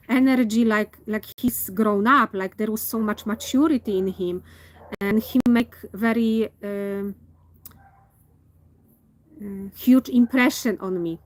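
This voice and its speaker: A woman, not a native English speaker, telling a personal story in a reflective monologue and often pausing to search for words. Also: a little high. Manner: thoughtful, pauses to search for words. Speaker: vlogger.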